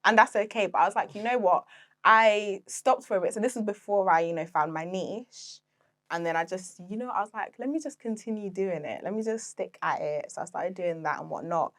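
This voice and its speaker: A young adult woman, a podcast guest who founded an interior decor business, tells stories in a casual interview. She speaks a little fast in a mid-range voice, chatty and full of fillers, laughing often.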